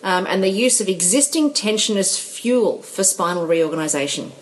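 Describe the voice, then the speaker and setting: A woman in a casual group chat who chimes in with short remarks and sometimes reads a passage aloud. Her voice sits at a medium pitch, with faint background noise underneath. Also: lively intonation, moderate pace, poor audio. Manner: interjecting, reads aloud from a text.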